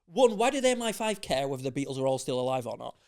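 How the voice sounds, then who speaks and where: A man's voice: medium pitch, big pitch swings, rapid-fire, darkish tone. A man co-hosting a podcast, sceptical and teasing in casual chat. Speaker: podcast co-host.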